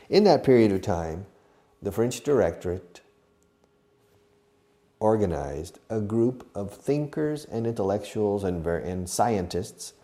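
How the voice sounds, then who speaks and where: Mellow-voiced man teaching English. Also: fairly low pitch. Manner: animated, mixing English with Spanish asides; chatty, digressive, asks and answers his own questions. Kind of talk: filmed English lesson for Spanish speakers. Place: filming studio with a camera operator.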